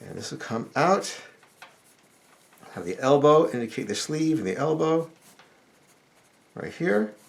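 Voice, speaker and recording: A middle-aged man talks through a drawing lesson step by step, explaining as he sketches. His voice has a gravelly edge, and his pitch moves in a lively, animated way. Soft pencil and marker scratching runs underneath. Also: measured pace, long pauses. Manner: relaxed explanatory, thinking aloud while sketching. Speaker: drawing instructor.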